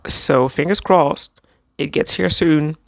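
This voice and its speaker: A book vlogger chatting casually and gushing excitedly about a secondhand book haul, rambling with lots of fillers. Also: medium pitch, takes it slowly, creaky, no echo. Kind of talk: reading a poem aloud.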